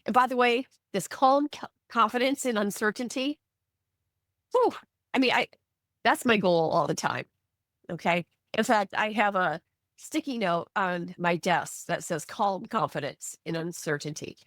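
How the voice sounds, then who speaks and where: A middle-aged woman from the US, an ADHD coach teaching on a live video call, animated and acting out quoted voices with self-deprecating asides. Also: mid-range voice, moderate pace, dry recording, studio quality. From Midwestern US. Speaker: ADHD coach and guest speaker.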